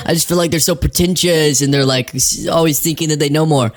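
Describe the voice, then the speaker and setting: A woman hosting casual political commentary, sarcastic and animated, laughing at her own jokes. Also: low-pitched, normal speed.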